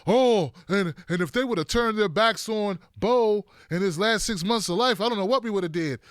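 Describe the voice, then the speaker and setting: A man's voice: high-pitched, moderate pace, smooth, no room sound, clean studio sound, voice pushed up, natural voice. A man doing a whiny, mocking impression of an older male politician.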